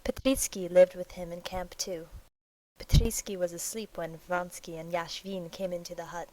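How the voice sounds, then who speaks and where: A woman narrating a classic novel in a steady, measured audiobook reading. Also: lowish voice, rough recording.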